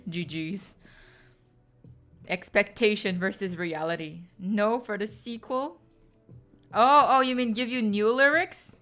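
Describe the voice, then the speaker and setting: A woman's voice: medium pitch, takes it slowly, long pauses, a bit bright. A young woman chatting casually and playfully with her stream viewers, full of slang and laughter.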